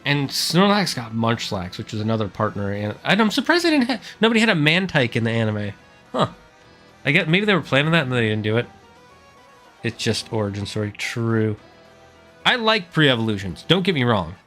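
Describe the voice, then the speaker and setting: A man's voice: mid-range voice, very animated, fairly quick, a bit bright, soft background music. A man streaming a game with live, chatty, self-deprecating commentary.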